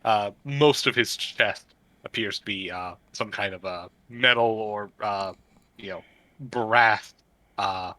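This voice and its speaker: Bright-voiced man running a tabletop game. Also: lowish voice, poor audio. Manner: halting narration with many uhs. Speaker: game master.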